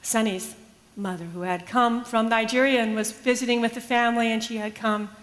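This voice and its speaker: A woman pastor telling a personal faith story in an earnest, measured, reflective way. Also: fairly high pitch, fairly even intonation. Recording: long hall reverb.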